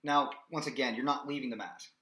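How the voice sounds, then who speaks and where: A man's voice: medium pitch, fairly even intonation, brisk, heavy background noise. A man teaching a singing lesson in a casual, explanatory way, often checking in with "okay?". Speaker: vocal coach. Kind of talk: singing lesson with sung demonstrations.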